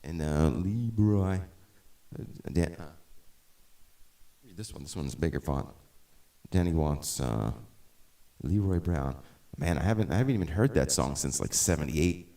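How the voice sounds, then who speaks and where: A man's voice: very deep voice, expressive, measured pace, pauses often, mellow. A middle-aged man chatting casually as the host of a live music stream, rambling with many restarts and tangents.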